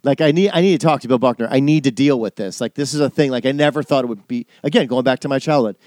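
A man's voice: medium pitch, fast, darkish tone, no echo, clean studio sound. A middle-aged man co-hosting a podcast, telling a story in a rambling way, full of restarts and acted-out quotes. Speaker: podcast co-host. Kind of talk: casual chat, storytelling.

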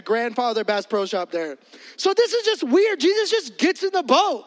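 A man preaching as a pastor, animated and joking in a conversational sermon. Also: extremely high pitch, normal speed. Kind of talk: energetic comedic sermon. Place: church hall. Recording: echoey hall.

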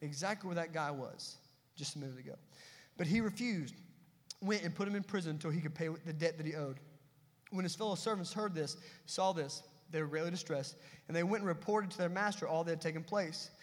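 A man preaching with a high, bright voice that rings out in a long hall reverb. He moves between emphatic, loud passages and hushed asides, as a pastor delivering a sermon from a church sanctuary. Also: fairly quick.

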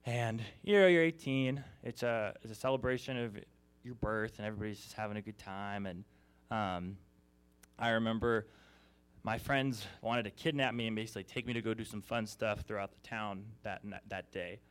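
A man's voice: fairly low pitch, moderate pace, smooth. A young man in his twenties giving a casual church sermon, telling a funny personal story with lots of fillers and asides. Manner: chatty, self-deprecating storyteller with many fillers. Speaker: preacher. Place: church service.

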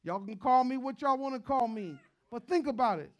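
A man preaching a sermon as pastor, moving between joking storytelling and quiet, earnest preaching. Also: very high voice, animated, a little fast.

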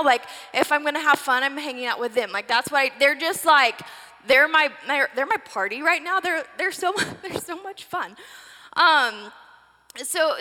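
A woman in her thirties speaks from a church stage in a loose, conversational sermon style, full of fillers and quick laughing asides. Her voice sits a bit high and sounds bright and forward. A long hall reverb trails behind every phrase. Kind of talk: casual sermon talk.

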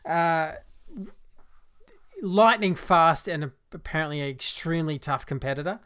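A man's voice: on the high side, unhurried, fairly bright tone, clear, resonant tone. A man hosting a podcast in casual chat, easygoing and hesitant with lots of fillers. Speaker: podcast host.

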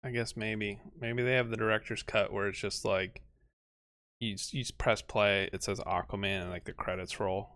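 A man's voice: lowish voice, fairly even intonation, normal speed, a bit bright, smooth, no room sound. A man co-hosting a gaming podcast who teases his partner and trails off into laughs. The recording sounds dry and close, with no room around his voice. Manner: teasing, jokey, trails off and laughs. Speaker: podcast co-host. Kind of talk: casual chat.

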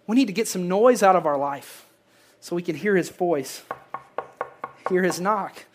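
A pastor preaching a sermon, swinging between loud emphasis and hushed lines and repeating phrases for effect. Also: medium pitch, lively intonation, measured pace.

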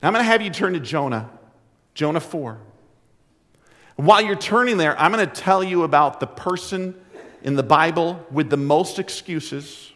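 A man's voice: a little high, lively intonation, normal speed, a bit bright, long reverb tail. A man preaching a sermon in a direct, earnest, conversational way. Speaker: pastor.

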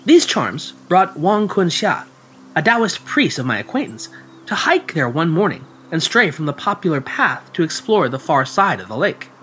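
A man narrating folk ghost tales in a measured, dramatic storytelling manner. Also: a little high, big pitch swings, a bit bright, slight background noise. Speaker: podcast storyteller.

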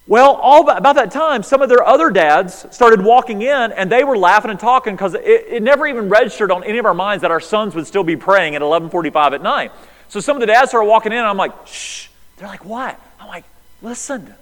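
A middle-aged man, preaching a sermon and telling a story, moving between loud bursts and hushed passages. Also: high-pitched, quick pace. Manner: animated, swings from loud to hushed. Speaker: pastor. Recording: long hall reverb.

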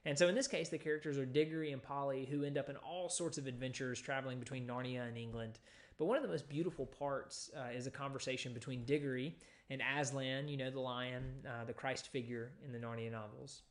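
A man at a mid-range pitch delivers a sermon in an easygoing teaching manner. He explains scripture verse by verse, pausing often with small fillers as he thinks aloud. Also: fairly even intonation. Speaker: pastor.

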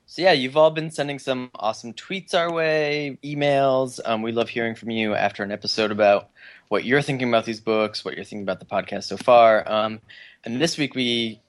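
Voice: medium pitch, fairly even intonation, moderate pace. A podcast co-host reading out listener messages in a playful, casual way. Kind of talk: casual group chat.

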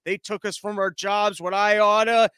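A man's voice: sits high, level tone, moderate pace, bright, forceful tone, smooth, no echo, studio quality. A man mimicking a group of aggrieved grown men who stammer out cartoonish threats. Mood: blustering.

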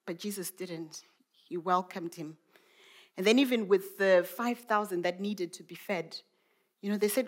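A woman's voice: mid-range voice, moderate pace. A woman, a mother, preaching a sermon in a reflective way, musing aloud with many rhetorical questions. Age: adult mother.

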